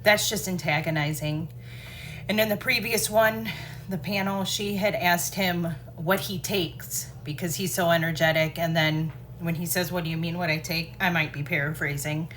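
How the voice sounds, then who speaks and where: A woman commenting on video clips in a measured, analytical way. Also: fairly low pitch, steady tone, fairly bright tone, a little hiss or hum.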